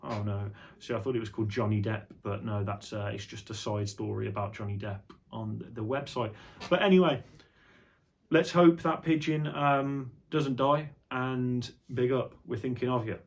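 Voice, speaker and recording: A man's voice: medium pitch, normal speed. A young man chatting casually on an unscripted vlog, rambling and jokey, with some swearing. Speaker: vlogger.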